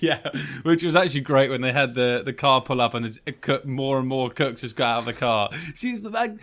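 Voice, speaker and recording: Brief: British podcast host, excited film recaps, easy mid pitch. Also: male voice, a little fast. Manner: enthusiastic, laughs often. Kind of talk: casual film chat.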